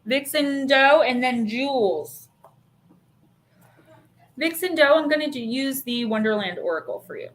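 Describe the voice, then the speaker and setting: A woman's voice: high voice, animated, a little slow, pauses often. A woman hosting a live-stream oracle card reading, speaking casually with frequent fillers and reading card meanings aloud. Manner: chatty, reads card text aloud, many fillers.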